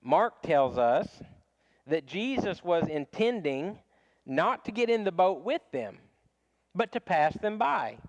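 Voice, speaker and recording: A man's voice: high-pitched, sing-song, slow pace, no room sound, muffled recording. A man teaching a casual Bible study class, talking conversationally with frequent restarts and small chuckles.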